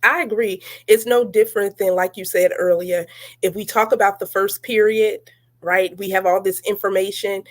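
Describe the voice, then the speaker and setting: A woman's voice: mid-range voice, steady tone, moderate pace. A woman hosting a casual chat, telling stories and laughing often. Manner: chatty storyteller, laughs often. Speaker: podcast host.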